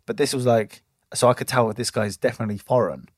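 A man's voice: medium pitch, fast talker, a little mellow, breathy edge, dry recording, studio quality. A man in his twenties, chatting casually as a podcast co-host and telling a long story full of restarts and fillers. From England. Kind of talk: casual chat.

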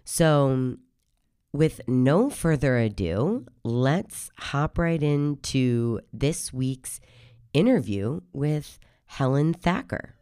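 A woman hosting a podcast, talking casually in a rambling, chatty way while hoarse from a cold. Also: extremely low pitch, expressive, very slow, dark tone, dry recording, studio quality. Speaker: podcast host. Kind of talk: casual podcast intro monologue.

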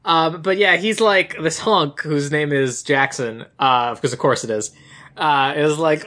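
A man in casual chat, recapping a movie scene by scene and acting out the characters' lines in quick snippets. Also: fairly high pitch, pushed and bright.

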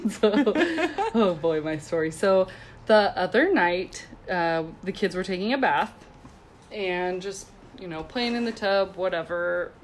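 A woman's voice: fairly low pitch, slow, a little hiss or hum. A woman in her thirties, co-hosting a podcast and telling a funny story in a giggly, chatty way, with lots of "like". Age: 30s. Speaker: podcast co-host. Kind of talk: casual chat and storytelling.

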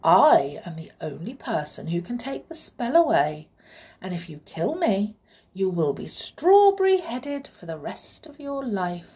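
A woman's voice: medium pitch, big pitch swings, unhurried, mellow. A woman voicing a clever little male flute player who speaks firmly and lectures the king. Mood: scolding. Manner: firm and lecturing.

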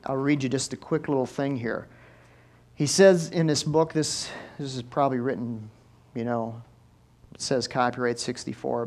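A male pastor preaching a lively sermon in church, swinging from soft asides to loud exclamations. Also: medium pitch. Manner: animated preaching with big swings in loudness.

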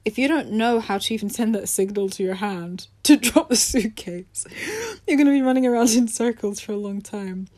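A woman's voice: mid-range voice, normal speed, a little mellow. A young adult woman hosting a podcast, talking earnestly and conversationally about letting go, laughing easily now and then. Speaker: podcast host. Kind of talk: reflective self-help talk.

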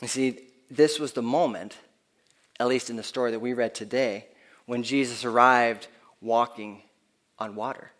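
A man's voice: medium pitch, fairly even intonation, moderate pace, pauses often, a bit bright. A man preaching a sermon in an earnest, conversational way, often restarting his phrases, who speaks of his own kids. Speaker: pastor.

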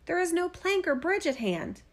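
A woman's voice: very high voice, sing-song, moderate pace, voice pushed up, heavily acted. A woman reading a fairy tale aloud, voicing a clever young girl in a raised, pleading voice. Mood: eager. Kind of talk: storybook reading.

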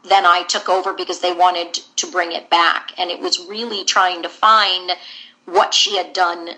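A woman's voice: lowish voice, little pitch movement, moderate pace, bright, forceful tone, low-quality recording. A woman voice actor, a guest in an interview, telling candid, rambling stories about her career.

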